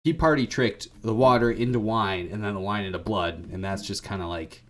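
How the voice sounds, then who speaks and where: A man's voice: lowish voice, moderate pace, fairly bright tone. A man hosting a podcast, giving a rambling, irreverent comedic retelling full of slang. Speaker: podcast host.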